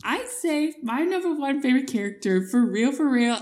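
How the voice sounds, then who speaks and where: A woman's voice: high-pitched, normal speed, a little mellow. A young woman co-hosting a podcast, talking with gushing enthusiasm in a casual, filler-heavy way. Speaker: podcast co-host.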